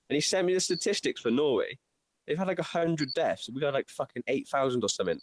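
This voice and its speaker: A man's voice: mid-range voice, lively intonation, fast talker, no room sound. A man hosting a casual livestream chat, laid-back and swearing freely in banter. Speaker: host.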